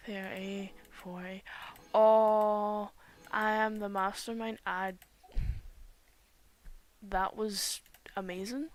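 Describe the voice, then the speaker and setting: A young woman giving casual commentary while playing a game, excitable, with loud outbursts and whispered asides. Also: medium pitch, drawn-out words, long pauses. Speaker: gaming streamer.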